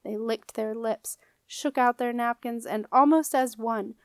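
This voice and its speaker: A woman's voice: a little high, steady tone, a little slow, clear, resonant tone, dry recording. Woman reading a storybook aloud. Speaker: audiobook reader. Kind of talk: storybook narration.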